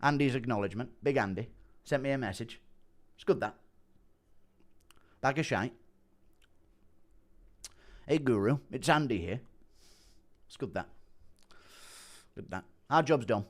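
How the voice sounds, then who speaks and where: A man doing an impression of a blunt older English dad who repeats his catchphrases in a flat, low-key mutter. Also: unhurried, pauses often, natural voice. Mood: deadpan.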